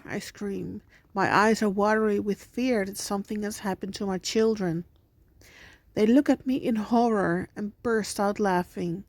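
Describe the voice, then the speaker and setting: A woman hosting a channel, narrating a scripted scary story in a slow, deliberate reading voice. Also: medium pitch, fairly even intonation, no echo. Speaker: channel host and story reader.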